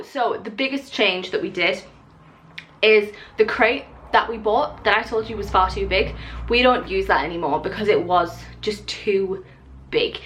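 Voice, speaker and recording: A young woman chatting casually to camera at home, rambling and breaking off now and then to talk to her puppy. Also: medium pitch. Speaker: vlogger. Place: home living room.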